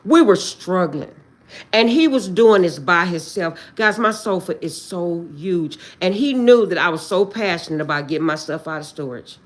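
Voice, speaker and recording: A woman ranting on a livestream, close to tears and swinging between outbursts and quiet prayers. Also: lowish voice, animated, moderate pace. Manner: agitated, swings between shouting and tearful prayer. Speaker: livestream host. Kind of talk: emotional livestream rant.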